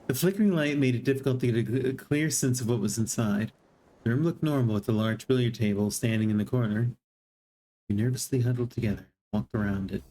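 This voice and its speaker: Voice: mid-range voice, fairly quick, mellow, slight background noise. Streamer reading a game story aloud. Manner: reads narration evenly and breaks in with surprised laughing asides. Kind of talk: reading a text adventure aloud with live reactions.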